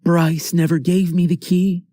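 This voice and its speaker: A man's voice: fairly high pitch, level tone, a little slow, dark tone, dry recording, clean studio sound, pitched above the performer's own voice, natural voice. A man voicing a stammering scared teen boy. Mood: nervous. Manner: stammering, pleading. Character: frightened teenage boy.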